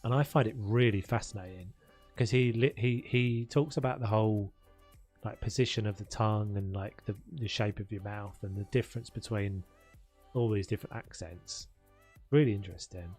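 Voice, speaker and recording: A young South London man rambles through relaxed stream chat, with a low voice and a habit of laughing and restarting his sentences. Quiet music plays faintly underneath. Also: normal speed. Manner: chatty, laughs often, trails off and restarts. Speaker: game streamer. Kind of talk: casual live-stream chat. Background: faint background music.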